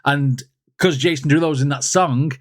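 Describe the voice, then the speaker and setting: Guy rambling thru a reaction vid, bit high voice, dry close mic. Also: brisk, dry recording. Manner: rambling, filler-heavy, chatty. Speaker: music reaction host. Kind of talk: casual reaction commentary.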